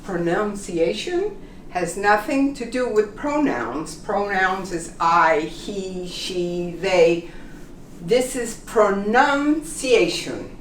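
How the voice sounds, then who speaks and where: A woman teaching pronunciation, repeating example phrases slowly and checking in with "okay?". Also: medium pitch, reverberant, far from the mic, slight background noise. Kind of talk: slow, deliberate classroom instruction.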